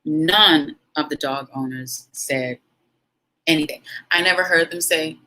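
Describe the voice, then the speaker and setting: Bright, forceful woman telling a story. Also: low voice, a little slow, low-quality recording. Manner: dramatic, emphatic, acts out quotes. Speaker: vlog host. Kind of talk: animated storytelling vlog.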